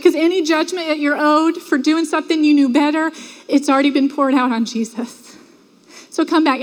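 A woman preaching a sermon in a church, talking earnestly and conversationally and acting out the voices of the crowd. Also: high-pitched. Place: church sanctuary. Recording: long hall reverb.

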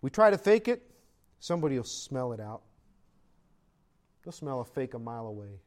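A man preaching a sermon, reading scripture in a slow, deliberate cadence and swinging between emphatic rises and hushed asides. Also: mid-range voice, big pitch swings. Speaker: pastor.

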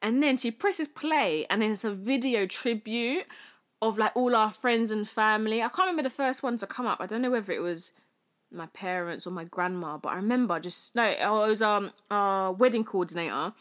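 A woman's voice: mid-range voice, normal speed, a bit bright. Chatty young British woman telling a story. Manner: chatty storytelling, many fillers, acts out quoted speech. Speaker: guest. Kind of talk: casual chat.

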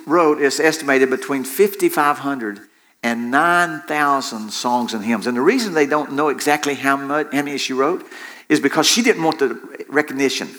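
Bright-voiced preacher prodding his congregation. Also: medium pitch, normal speed. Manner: repeats himself, engages the congregation with call-and-response. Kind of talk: sermon.

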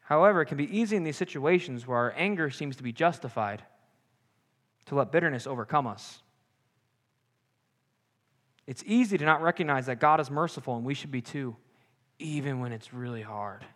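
A young man preaching a sermon with animated, joking asides. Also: medium pitch, moderate pace, pauses often. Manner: animated, jokey asides and acted-out quotes. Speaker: pastor. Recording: long hall reverb.

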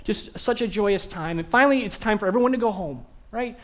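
Young guy pastor, highish voice, goofy self-mocking christmas travel story. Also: a little fast. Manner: animated, self-mocking humor. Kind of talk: storytelling sermon.

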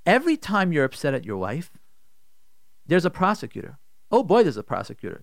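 Lively, animated male advice speaker. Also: on the high side, a little fast, gravelly, dry recording, studio quality. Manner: animated and repetitive, acts out inner voices. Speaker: marriage advice speaker on radio. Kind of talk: talk radio advice.

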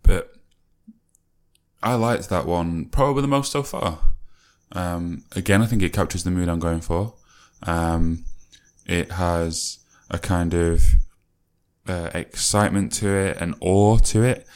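A man's voice: deep voice, slow pace, clean tone. A man, a musician casually reflecting on his own old music, rambling and musing with many fillers and self-corrections.

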